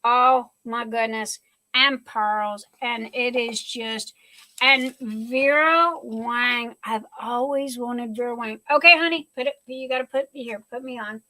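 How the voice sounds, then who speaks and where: Slow-talking, high-voiced tearful woman. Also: pushed and bright, dry recording, low-quality recording. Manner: effusive, gushing, talks through tears. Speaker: livestream host. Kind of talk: casual live chat.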